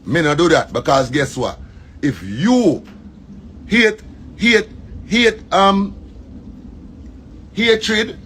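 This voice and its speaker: A man's voice: high voice, drawn-out words, pauses often, fairly bright tone, slight background noise. A man with a Jamaican accent, a comedian speaking in an emphatic monologue and repeating his points. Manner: repetitive, emphatic, preachy. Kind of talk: casual monologue.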